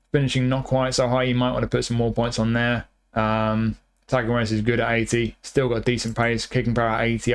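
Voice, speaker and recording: A man's voice: mid-range voice, smooth. A man casually talking through a video game review, thinking aloud as he goes. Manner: thinking aloud, chatty with restarts. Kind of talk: casual gameplay commentary.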